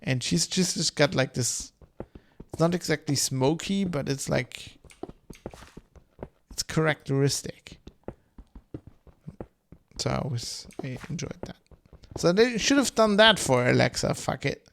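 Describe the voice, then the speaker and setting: A man's voice: on the high side, expressive, measured pace, vocal fry, long pauses, a bit bright, a little hiss or hum. A man streaming a game, rambling in loose, casual chat full of swearing and fillers. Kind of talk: casual chat while gaming.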